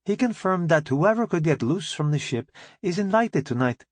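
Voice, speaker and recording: A man voicing a calm, friendly woman in an audiobook, speaking in a relaxed, matter-of-fact way. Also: fairly high pitch, moderate pace, no room sound, voice pushed up.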